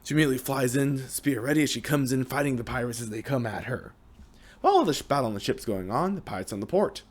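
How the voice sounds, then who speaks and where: A young man casually narrating the story of a video game, with restarts and a lively manner. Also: medium pitch, quick pace. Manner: lively, hesitant retelling with restarts.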